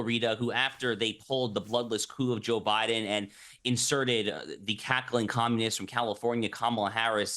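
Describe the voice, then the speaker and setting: A man speaking as a guest commentator in a live news interview, making his case in a rapid, emphatic, argumentative way. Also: mid-range voice, fairly bright tone.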